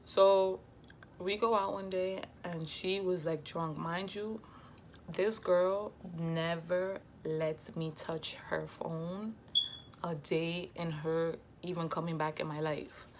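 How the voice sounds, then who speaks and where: A young woman, telling a casual storytime in a lively, slangy way and quoting herself and others. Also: lowish voice, slow, slight background noise. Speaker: vlogger.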